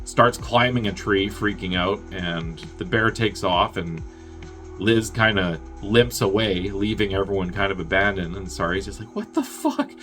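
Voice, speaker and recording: A man with a lowish, bright and forceful voice walks through a film's plot in a loose, rambling way. He swears freely and breaks into chuckling asides. Faint music sits behind him. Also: steady tone, normal speed. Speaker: movie reviewer. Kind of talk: casual plot recap.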